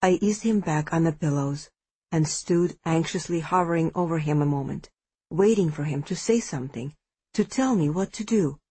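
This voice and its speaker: A woman narrating a first-person fantasy audiobook at a measured, steady pace. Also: low-pitched, husky, dry recording.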